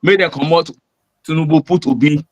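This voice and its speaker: A man with a Nigerian accent rambles through a call-in, stacking fillers between his points. His voice sits a touch high. The sound is dry and close. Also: fairly even intonation, brisk, a little mellow, no echo, muffled recording. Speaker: caller. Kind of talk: casual call-in commentary.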